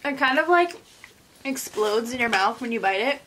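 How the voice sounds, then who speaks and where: A woman's voice: a little high, lively intonation, normal speed, a bit bright, slight background noise. A young woman, a guest friend, chatting casually and giggling while she eats. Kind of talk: casual chat while eating.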